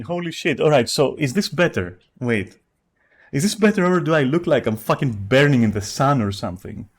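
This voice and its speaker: A man streaming live, reading chat messages aloud and reacting with profane, mocking commentary. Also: mid-range voice.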